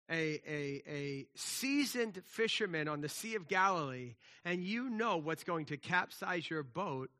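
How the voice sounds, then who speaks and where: Man preaching with slang, some hushed passages; higher voice, sharp and bright. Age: adult with children. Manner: animated, conversational preaching with casual slang; drops to a soft, hushed voice for quiet passages. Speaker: pastor. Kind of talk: sermon.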